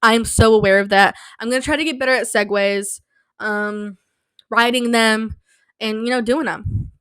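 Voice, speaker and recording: A young woman hosting her own casual podcast, hyper and rambling, sleep-deprived and slap-happy, with a slightly sore throat from yelling. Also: on the high side, fairly even intonation, moderate pace, smooth, no room sound. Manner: hyper, rambling, self-mocking. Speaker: podcast host. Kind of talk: casual solo podcast chat. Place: small home studio. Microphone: studio mic, close.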